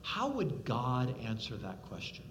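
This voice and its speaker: A man preaching a sermon as a pastor, swinging from loud, pressing appeals to hushed, quiet questions and acting out the voices he quotes. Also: medium pitch, huge pitch swings, a little slow, slight background noise.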